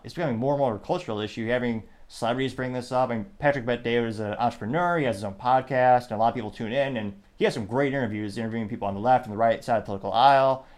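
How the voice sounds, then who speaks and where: An American man hosts a political commentary podcast on his own, rambling and cutting himself off mid-sentence as he reads listener comments aloud. His voice is mid-range with a darkish tone.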